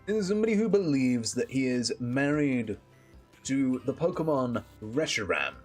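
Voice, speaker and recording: A man's voice: mid-range voice, very animated, moderate pace, a little mellow, soft background music. A young British man streaming a game, chatting casually with friends and bursting into laughter.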